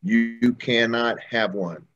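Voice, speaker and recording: A man co-hosting a podcast, talking in a steady, reflective way, recorded with dull lo-fi sound and faint noise behind him. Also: mid-range voice, slow pace. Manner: steady and reflective, talks things through. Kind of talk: casual podcast chat.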